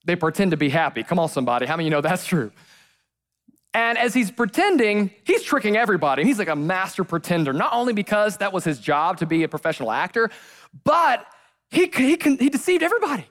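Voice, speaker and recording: A man preaching a sermon as a pastor before a congregation, swinging from loud to hushed. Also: high-pitched, very animated, fast. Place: church stage before a congregation.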